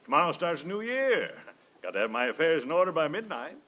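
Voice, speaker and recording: Brief: pompous blustering businessman, bright lively voice, 1940s radio comedy, faint hiss. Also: on the high side, quick pace. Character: pompous older male insurance client, fussy and demanding. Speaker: radio sitcom actor.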